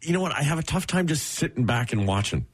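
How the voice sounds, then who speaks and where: A man's voice: a little high, sing-song, fast talker, husky. A man co-hosting a radio show, talking in an easygoing, hesitant way and laughing often. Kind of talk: casual radio banter.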